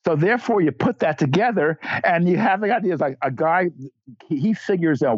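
Blunt guest guy, restarts a lot, mid-pitched, dry lo-fi sound. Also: expressive, a little fast, no echo. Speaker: guest journalist. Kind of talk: casual political talk.

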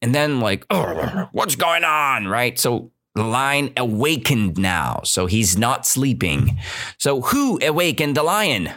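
A man teaching English to learners, reading a fable aloud and then explaining it slowly and deliberately, often checking in with "right?". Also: mid-range voice, very animated, fairly bright tone.

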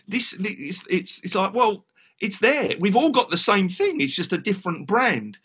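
An English man telling a story as a guest in a casual podcast interview, animated and full of restarts. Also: high voice, normal speed, breathy edge. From England. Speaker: guest musician.

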